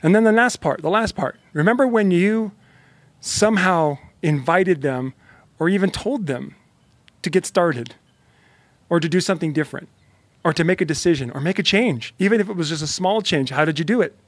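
A man speaks in an emphatic motivational monologue, repeating lines and pushing the listener to act. His voice sits a bit high. The sound is close and dry. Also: animated, moderate pace, no room sound. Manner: emphatic, repetitive, fired-up; talks directly to the listener.

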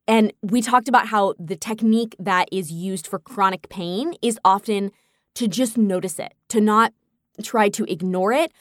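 A woman's voice: mid-range voice, dry recording. Candid woman on a dry, close mic. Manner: candid, animated storytelling with quoted inner thoughts. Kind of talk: casual personal monologue.

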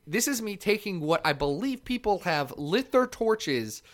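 Lively, playful man co-hosting a podcast. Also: high voice. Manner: playful, theatrical, quick to laugh. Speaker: podcast co-host. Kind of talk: casual chat.

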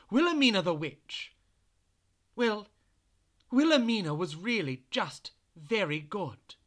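A man's voice: high-pitched, pushed and bright. A man hosting a children's storytelling podcast, chatting playfully and narrating with animation. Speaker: host and storyteller.

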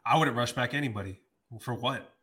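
A man's voice: mid-range voice, fairly quick, bright, forceful tone, husky. A man ranting in exasperation on a sports podcast, swearing mildly. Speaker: podcast host. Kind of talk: casual sports talk.

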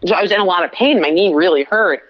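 A woman's voice: fairly low pitch, quick pace, lo-fi sound. A woman co-hosting a podcast, telling a story in a chatty casual way. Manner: chatty storyteller, many "like" fillers. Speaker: podcast co-host. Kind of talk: casual chat.

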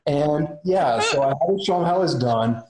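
A man's voice: on the high side, normal speed, a little hiss or hum. A man, a special effects makeup artist, telling a story casually and acting out the voices of the people in it. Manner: animated, acts out the voices in his story. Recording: roomy echo.

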